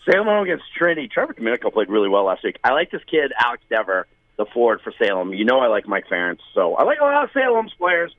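A man's voice: fairly low pitch, quick pace, dry recording, narrow, tinny audio. A man co-hosting a sports podcast, chatting casually and rambling through game picks. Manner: rambling, lively, laughs often. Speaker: podcast co-host picking games.

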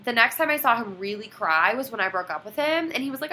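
Young woman, casual chat, lively swooping delivery, bright tone, acts out quotes. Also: medium pitch, quick pace, few pauses. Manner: animated storytelling, quotes others dramatically. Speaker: guest telling a story.

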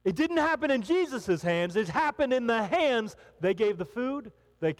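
A man's voice: extremely high pitch, very animated, normal speed, hardly any pauses. A man preaching a sermon to a congregation in a hall, talking animatedly and acting out the voices of people in the story. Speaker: pastor. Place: hall with an audience.

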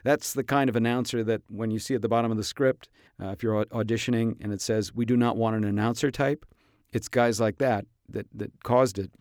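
A man hosting a podcast about voice acting, talking casually with playful, expressive comic storytelling. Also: on the low side, brisk, no room sound, studio quality. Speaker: podcast host and voice actor.

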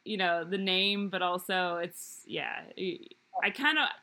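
A young woman hosts a loose, chatty podcast in a bright voice. She rambles, stacks up fillers and giggles easily as she goes. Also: lowish voice, unhurried. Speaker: podcast host. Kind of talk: casual podcast chat.

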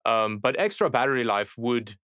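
A man with an average-pitched voice chats about tech in a hesitant way. He often stumbles and repeats his words before getting the thought out. The recording is dry and close. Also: lively intonation, moderate pace, pushed and bright, smooth, dry recording. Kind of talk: casual tech chat.

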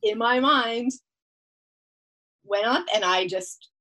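A woman's voice: a little high, slow pace, pushed and bright, poor audio. A woman telling a long story as a podcast guest, laughing often as she talks. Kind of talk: casual storytelling.

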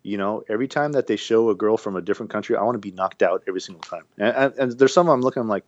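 Podcast co-host, man, fast rambling talk, lowish voice. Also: lo-fi sound. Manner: rambling, animated, restarts often. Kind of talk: casual podcast banter.

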